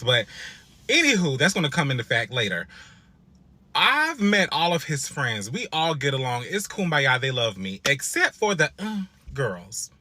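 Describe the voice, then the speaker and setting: A young man telling a sassy, animated storytime with lots of expression. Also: dry recording. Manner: expressive, sassy, swoops into high exclaims.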